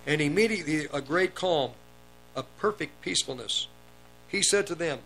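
A man with a slightly raised pitch preaches, reading verses aloud and then explaining them. He lifts his voice on the quoted commands. A faint hum runs underneath. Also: moderate pace, vocal fry, a bit bright, low-quality recording. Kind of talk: sermon, reading and expounding scripture.

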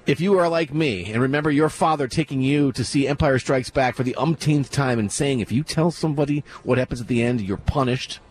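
A man's voice: mid-range voice, fairly quick, few pauses. A man hosting a live radio broadcast from a theme park, gushing with enthusiasm and tripping over his words. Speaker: radio host. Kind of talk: excited live broadcast chat.

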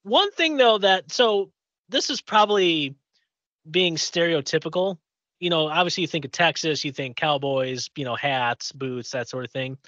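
A man's voice: a little high, expressive, normal speed, a bit bright, no room sound. Podcast co-host, male, from Indiana, rambling casual storyteller, dry dull lo-fi sound. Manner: rambling storyteller, lots of fillers and restarts. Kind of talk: casual chat.

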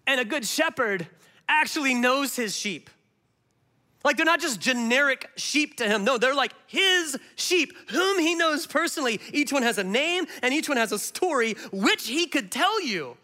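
A male pastor giving a sermon as an animated storyteller. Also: extremely high pitch, moderate pace. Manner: animated storyteller with big swings in voice.

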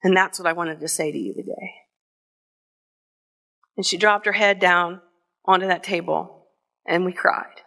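Woman, middle-aged, from Ohio, live stage storytelling, bright forceful tone, emotional pauses. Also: lowish voice, fairly even intonation, gravelly. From Northwest Ohio, USA. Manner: slow, deliberate, emotional delivery with pauses. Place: theater stage before an audience.

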